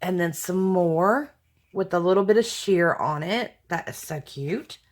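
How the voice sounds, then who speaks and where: Slow-talking, gushing woman. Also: fairly low pitch. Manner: gushing, exclamatory, thankful. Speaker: craft vlogger opening mail. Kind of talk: casual unboxing chat to viewers.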